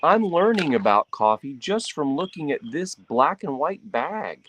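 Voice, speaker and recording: A man's voice: on the high side, very animated, unhurried, a little hiss or hum. A man, an author who hosts his own vlog, chatting casually and rambling outdoors under a tree. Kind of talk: casual morning chat. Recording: outdoor recording with loud birdsong.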